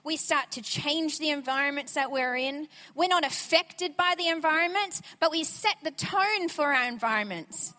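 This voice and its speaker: Woman guest preacher, high voice, energetic conversational sermon, church reverb. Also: normal speed, hardly any pauses. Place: church sanctuary. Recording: church sanctuary with long reverb.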